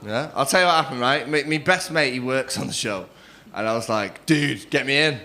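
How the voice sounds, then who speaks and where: A young man doing a crude, cheeky stand-up set on a comedy club stage, acting out other people in quick quoted voices. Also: medium pitch, lively intonation, noisy background. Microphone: stage microphone.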